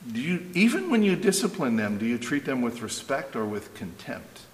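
A man's voice: mid-range voice, big pitch swings, moderate pace. A middle-aged male pastor preaching a sermon in a conversational way, often checking in with "right?". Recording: echoey hall with long reverb.

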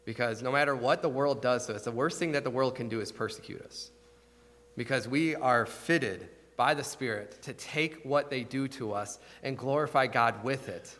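A man's voice: mid-range voice, moderate pace, fairly bright tone. A man preaching a sermon with rising emphasis and many rhetorical questions. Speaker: pastor. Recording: long hall reverb.

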